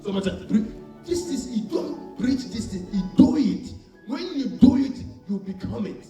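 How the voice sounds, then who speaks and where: A male preacher delivering a sermon, shouting and calling out for responses from his congregation. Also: very high-pitched, expressive, a little slow. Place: church hall. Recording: echoey church hall, mic far off, faint music.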